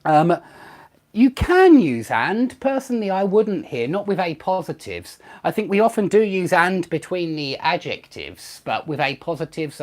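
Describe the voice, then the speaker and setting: Woman teacher, deep voice, very animated delivery, explanatory and emphatic. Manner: explanatory, emphatic, with frequent fillers. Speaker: English teacher. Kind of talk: online grammar lesson.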